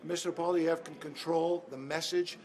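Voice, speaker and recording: A man's voice: fairly high pitch, steady tone, normal speed, darkish tone. A male politician answering reporters in a press scrum, emphatic and repeating "okay?" to press his points. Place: busy hallway. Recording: noisy crowd around.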